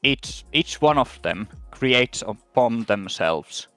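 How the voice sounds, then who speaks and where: A man in casual stream chat who explains things in a patient, measured way. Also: mid-range voice, expressive, a bit bright, clear, resonant tone, no echo, soft background music.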